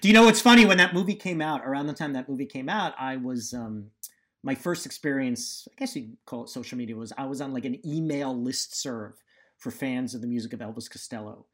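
A man's voice: medium pitch, fairly quick, a bit bright. Wry, self-deprecating male podcast host. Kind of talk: casual chat.

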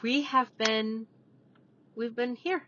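A woman with a slightly high, fairly even voice speaks slowly, co-hosting a podcast from a parked car. She's a salon owner, upbeat, agreeable and casual in this easy chat. There's background noise and a dull lo-fi sound.

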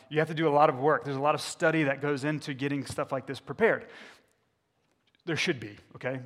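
A man's voice: fairly high pitch, fairly bright tone. A man preaching a candid sermon as a pastor, putting questions to the congregation. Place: church sanctuary. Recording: echoey church hall.

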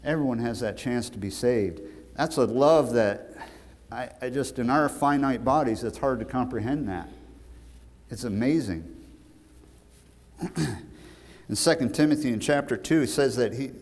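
A man preaching a sermon with emphatic, storytelling delivery that swells to loud peaks. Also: medium pitch, measured pace, pauses often. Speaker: pastor. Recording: long hall reverb.

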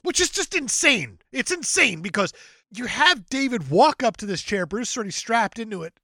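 A man's voice: very high voice, normal speed, no room sound, studio quality. A man co-hosting a casual comedy podcast about movies, ranting with profane jokes. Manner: profane, animated, jokey rants. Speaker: podcast co-host.

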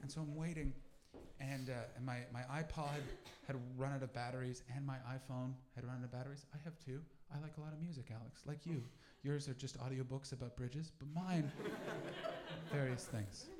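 A man from Canada telling a crude, excitable story in a stand-up comedy set on a club stage, using a handheld mic. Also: medium pitch, brisk, very noisy. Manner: crude, excitable, loud bursts.

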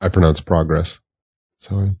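Podcast co-host, male, lowish voice, dry close sound, deadpan wit. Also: normal speed, husky, dry recording. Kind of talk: casual podcast chat.

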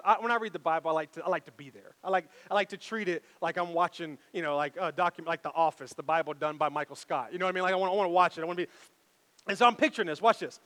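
A male pastor delivering a sermon in a conversational, animated way, throwing rhetorical questions to the room. His voice sits very high for a man. A long reverb from the church sanctuary hangs behind his words. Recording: echoey hall reverb.

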